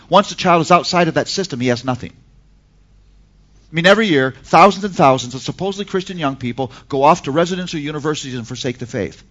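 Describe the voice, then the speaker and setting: A man lectures a class with emphatic energy and pointed rhetorical questions. His voice sits a little high and moves animatedly through a wide range. The recording is slightly dull and lo-fi. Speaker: teacher on Christian parenting.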